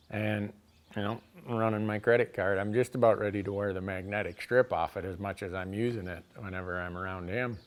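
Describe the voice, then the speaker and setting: A middle-aged man telling a comic story, exasperated, swinging between quiet asides and loud outbursts. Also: lowish voice, brisk.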